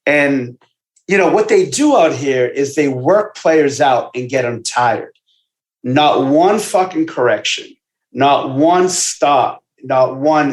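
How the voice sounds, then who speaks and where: Man, basketball trainer, swears constantly, animated storyteller, medium pitch, echoey room. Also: takes it slowly. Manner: profane, animated storytelling with asides. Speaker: basketball trainer, podcast guest. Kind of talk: casual podcast chat. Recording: roomy echo.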